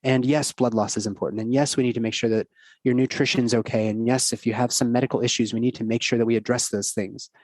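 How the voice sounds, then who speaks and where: Middle-aged male doctor, podcast guest, earnest and rambling, mid-pitched voice, dry close sound. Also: steady tone, fast, darkish tone, dry recording. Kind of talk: casual podcast conversation.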